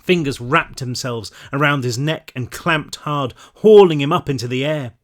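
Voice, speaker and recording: A man narrating his own novel in a measured reading, now and then dropping into relaxed asides to his listeners. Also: mid-range voice. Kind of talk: audiobook-style read-through.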